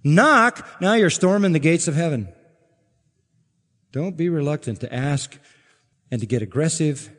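Emphatic preacher with hall reverb. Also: male voice. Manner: emphatic, rising to loud exclaims and dropping low; asks the congregation questions. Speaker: pastor. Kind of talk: expository sermon.

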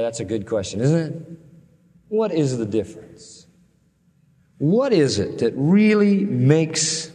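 A man preaching a sermon, animated, with his pitch leaping up on questions and dropping low and quiet for sad stories. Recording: long reverb of a large hall.

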